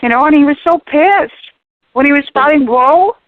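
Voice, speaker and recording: High-voiced woman, fervent radio guest, preachy and emphatic, dry tinny phone sound. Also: normal speed, no echo. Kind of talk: animated talk radio discussion.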